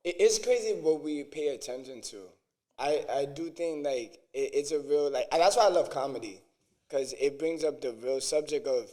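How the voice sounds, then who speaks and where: An artist being interviewed, talking in an earnest, halting way with lots of fillers. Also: male voice, medium pitch, mellow. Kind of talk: casual interview chat.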